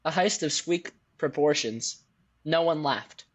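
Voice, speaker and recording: A young man co-hosting a podcast, reading a silly story aloud in a matter-of-fact, deadpan way. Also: a little high, slow pace, breathy edge. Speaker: podcast co-host. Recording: dull lo-fi audio.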